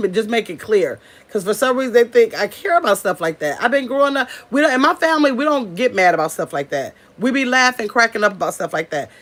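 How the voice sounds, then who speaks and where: A woman's voice: a little high, a bit bright. A middle-aged woman hosting her own channel, talking bluntly and casually to the camera and calling her viewers y'all. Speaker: channel host.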